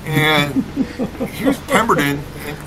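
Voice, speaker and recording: Telling a lively story about playing college basketball, this middle-aged Rockford, Illinois man speaks very slowly in a voice on the high side. He's emphatic and keeps tacking "okay?" onto his lines, and background noise is present as he appears as a podcast guest.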